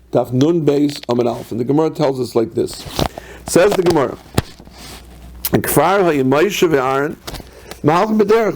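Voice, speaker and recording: Gravelly-voiced rabbi giving a Torah class. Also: male voice, medium pitch, rough recording. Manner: lively storytelling, quotes texts in Hebrew and Aramaic then translates. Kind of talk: Torah class on the weekly portion.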